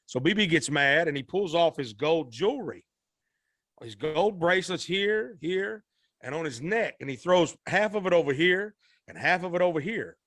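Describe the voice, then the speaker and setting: A man with a slightly raised pitch tells a story as a podcast guest. He is animated and slips into the voices of the people he quotes. The sound is close and dry, with no room around it. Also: normal speed, no echo. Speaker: singer guest.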